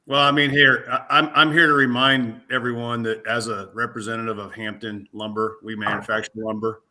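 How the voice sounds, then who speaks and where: Blunt, angry mill rep, bright voice. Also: male voice, mid-range voice, little pitch movement, a little fast. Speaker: mill representative. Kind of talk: casual panel discussion.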